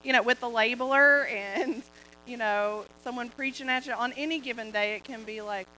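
Bright, chatty woman sharing in church. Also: on the high side, normal speed, rough recording. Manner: chatty, laughing, many fillers. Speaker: co-pastor, preacher's wife. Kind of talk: casual sermon talk.

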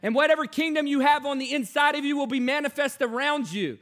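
A man with a very high-pitched voice preaches a sermon. He tells stories in a hushed voice, then builds to loud, urgent calls to his listeners. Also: fast. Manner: swings from hushed storytelling to loud exhortation.

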